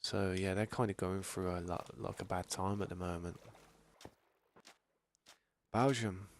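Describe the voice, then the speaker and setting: A man's voice: deep voice, steady tone, unhurried. A man from England with a Birmingham accent, chatting casually to viewers while streaming a game, rambling and reading chat aloud. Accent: Birmingham English. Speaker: gaming streamer.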